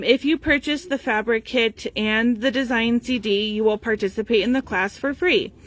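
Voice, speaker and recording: A woman's voice: mid-range voice, fairly bright tone. Chatty woman hosting a sewing live stream. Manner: chatty, filler-heavy, reads details aloud. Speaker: sewing store staff host. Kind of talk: casual live-stream announcements. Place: sewing store indoors.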